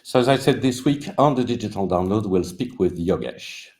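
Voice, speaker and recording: A man hosting a live business talk show, giving lively scripted introductions with the odd stumble. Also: fairly low pitch, normal speed.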